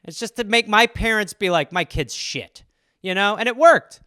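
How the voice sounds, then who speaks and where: Bright-voiced man riffing on a comedy podcast. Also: sits high, smooth, dry recording, studio quality. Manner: rambling, profane, acts out little scenes in quick voices.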